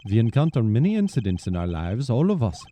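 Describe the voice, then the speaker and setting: A man voicing a suave male rock-star prosecutor with a put-on German accent, in a smooth, self-assured drawl. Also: medium pitch, sing-song, fast talker, dark tone, a little hiss or hum, lightly acted. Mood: musing. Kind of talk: voicing game dialogue on a stream.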